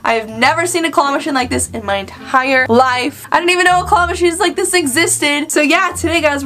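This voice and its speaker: A woman arcade vlogger giving excited, playful reaction commentary, full of exclamations. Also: high voice. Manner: bubbly, exclamatory, playful voices.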